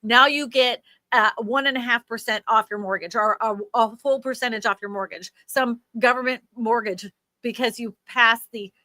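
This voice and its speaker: Lady hosting a livestream, bright voice, chatty, lots of asides. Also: fairly high pitch, fairly even intonation, normal speed, no echo. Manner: chatty, explains with many asides. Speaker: host. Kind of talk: casual livestream chat.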